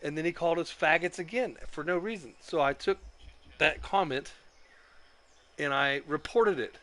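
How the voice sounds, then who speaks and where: A man's voice: a little high, moderate pace, sharp tone. A man telling a story about getting banned from an online game, swearing constantly and complaining in an agitated way. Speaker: streamer. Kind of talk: profane ranting storytelling.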